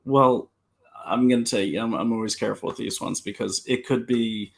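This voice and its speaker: A man's voice: medium pitch, moderate pace, vocal fry. A man working as a security consultant, telling stories and giving safety advice on a live stream, often restarting his sentences. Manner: animated storyteller, repeats words when starting. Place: home, talking to a computer.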